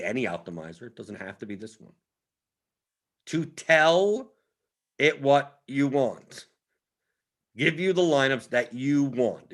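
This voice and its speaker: A man hosting a fantasy sports strategy breakdown, talking animatedly with quick restarts and repeated words. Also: mid-range voice, a bit bright. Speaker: fantasy sports analyst host. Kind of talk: strategy breakdown over a screen share.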